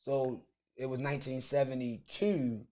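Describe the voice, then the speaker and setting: A young man hosting a podcast, teasing his guest and pushing with quick questions in casual chat. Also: mid-range voice, fairly even intonation, crowd noise. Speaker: podcast host.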